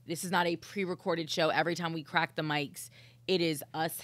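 A woman's voice: deep voice, flat delivery, normal speed, a bit bright, no echo. A woman who co-hosts a podcast and a morning radio show, talking in an intense, blunt, profane way in a casual chat. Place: studio.

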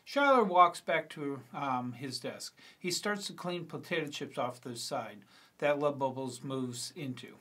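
A man's voice: medium pitch, expressive, a little slow, bright, forceful tone, husky. Middle-aged male writer, casual read-through of his script. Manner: casual reading with fillers and self-corrections. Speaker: screenwriter reading his script.

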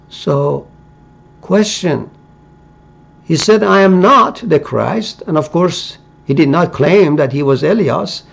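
Slow, gravelly man lecturing. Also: high-pitched. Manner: halting, many fillers, slow deliberate reading. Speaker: preacher. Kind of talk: religious lecture reading scripture. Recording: dull lo-fi recording.

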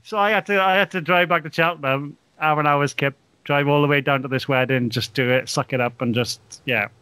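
A man telling a funny anecdote in a casual, animated way, laughing as he goes. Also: a little high, fairly quick, clear, resonant tone, no echo. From England. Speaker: podcast guest, wedding photographer. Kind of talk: casual storytelling.

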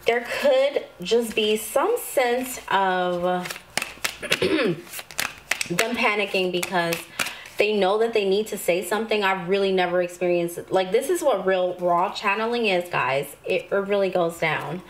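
A woman doing a tarot reading to camera, calm and spiritual, with sudden excited outbursts. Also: medium pitch, a little slow, background noise. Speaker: tarot reader.

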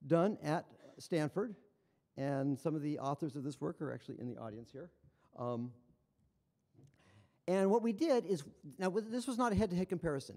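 High-voiced man lecturing in a reverberant hall. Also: dark tone. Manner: enthusiastic, conversational, wry asides. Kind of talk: conference lecture.

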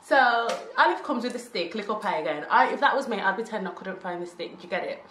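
A young woman, telling a storytime vlog tale in animated, slangy talk with laughs. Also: medium pitch, quick pace, slight background noise. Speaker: vlogger. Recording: roomy echo.

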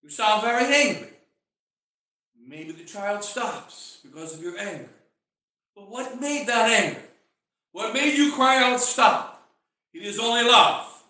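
A man, a bishop, preaching a sermon with passion, acting out quoted voices and swinging from loud outbursts to hushed asides. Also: high voice, lively intonation, unhurried, long pauses. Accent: American. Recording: very echoey church, mic far off.

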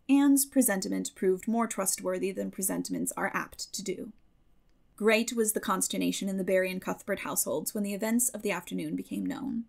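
A woman narrating a classic novel as an audiobook, telling it in a measured, expressive way. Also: medium pitch, gravelly. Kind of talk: scripted narration.

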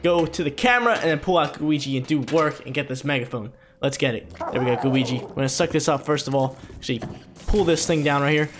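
Excitable high-voiced gaming commentator man. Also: fast, music in the background. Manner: excitable, playful hype talk. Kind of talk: let's play commentary.

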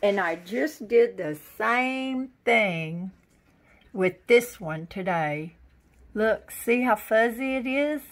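A woman's voice: on the high side, animated, takes it slowly. A woman, chatting casually in a giggly, folksy way while filming a home vlog indoors. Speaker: vlogger.

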